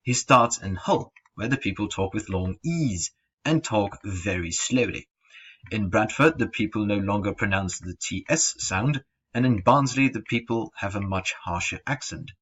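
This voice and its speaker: A man's voice: fairly low pitch, normal speed, fairly bright tone, breathy edge. A young man presenting a school slideshow, reading steadily from a script with the odd stumble. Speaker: student presenter. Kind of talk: read-aloud slideshow presentation. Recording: dull lo-fi home recording.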